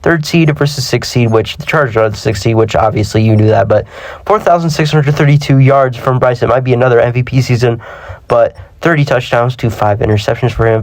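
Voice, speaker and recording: A young gaming channel host offers casual commentary on a football simulation game in a medium-pitched voice, recorded dry. He's a little sick, chatty and self-deprecating, and frequently trips over his words.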